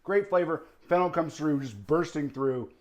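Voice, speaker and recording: An upbeat man walks through a home cooking demonstration, his voice pitched a little high for a man. He sounds eager and chatty as he tastes and explains each step. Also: moderate pace. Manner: enthusiastic, talks while tasting and cooking. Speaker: cooking show host.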